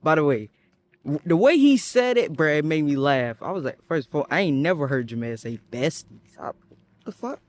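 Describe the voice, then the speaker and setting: A young man telling a story while walking outdoors, chatty and animated, with nervous asides. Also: on the high side, brisk. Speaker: vlogger. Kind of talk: casual story-time vlog.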